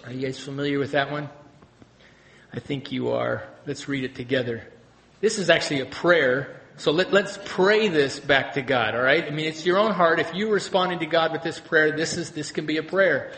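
A man's voice: on the high side, moderate pace, a bit bright, reverberant. A man preaching a sermon as pastor, talking in a conversational way and often asking the congregation questions.

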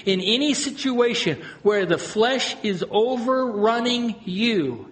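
Male pastor, high voice, animated sermon delivery, dips to quiet intensity then climbs to loud emphasis. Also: slow pace. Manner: animated preaching, swings from hushed to loud and high.

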